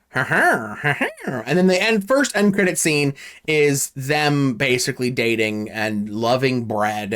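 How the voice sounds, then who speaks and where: A man giving a casual, sarcastic film recap and review on his channel, swearing freely as he tells the story. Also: medium pitch. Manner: sarcastic, profane, animated storytelling.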